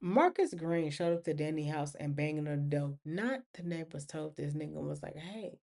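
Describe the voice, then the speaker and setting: A woman's voice: sits low, normal speed, gravelly. A woman, hosting a casual TV recap talk and acting out characters' lines. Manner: animated, acts out characters' lines. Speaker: podcast host.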